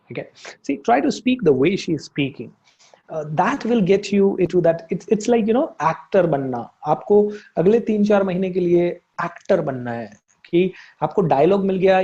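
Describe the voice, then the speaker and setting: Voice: mid-range voice, mellow. Hesitant Indian-accented English teacher, dull sound. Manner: hesitant, many fillers and restarts. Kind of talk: casual spoken lesson, mixing in Hindi.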